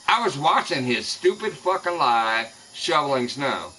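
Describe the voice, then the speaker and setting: A man's voice: mid-range voice, big pitch swings, unhurried, sharp tone, slight background noise, low-quality recording. A man streaming a fishing game, ranting angrily and cursing constantly at rival streamers. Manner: profane, angry ranting. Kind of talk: live gaming stream rant.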